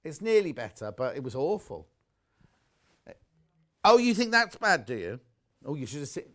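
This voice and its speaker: A man's voice: a little high, big pitch swings, moderate pace, a bit bright. Chatty man selling on TV. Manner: chatty, gushing over products, reads viewer messages aloud. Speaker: shopping channel presenter. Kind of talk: live TV sales chat. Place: TV studio.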